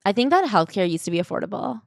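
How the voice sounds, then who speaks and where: A woman co-hosting a casual book-club podcast, wry and playful with quick quips. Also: mid-range voice, big pitch swings, creaky, no echo, clean studio sound. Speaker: podcast co-host.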